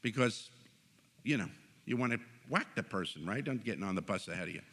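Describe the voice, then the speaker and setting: A man giving an inspirational faith talk at a conference, earnest and animated, telling stories with jokes. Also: lowish voice, fairly quick. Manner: animated, joking, earnest storyteller. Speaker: conference speaker. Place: conference hall stage.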